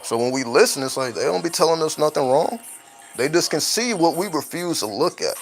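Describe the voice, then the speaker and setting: A man's voice: fairly high pitch, lively intonation, brisk, faint music behind, poor audio. A man hosting a late-night talk show, musing openly as a father in a loose, profane monologue that keeps checking in with "right?". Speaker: podcast host.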